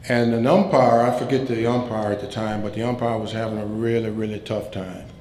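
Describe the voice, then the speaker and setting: A man giving a keynote speech at a banquet, telling funny stories in a relaxed way and acting out the lines of the people in them. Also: fairly low pitch, a little fast. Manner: relaxed anecdotal telling, acts out quoted lines. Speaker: keynote speaker. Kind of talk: humorous after-dinner storytelling speech. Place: banquet hall. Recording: roomy hall sound, faint room noise.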